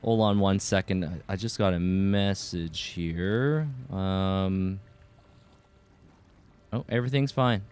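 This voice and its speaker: A man's voice: low voice, takes it slowly, darkish tone, clean tone. A man streaming a video game, chatting casually and cheerfully greeting viewers in chat. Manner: upbeat, greets chatters by name, chatty asides.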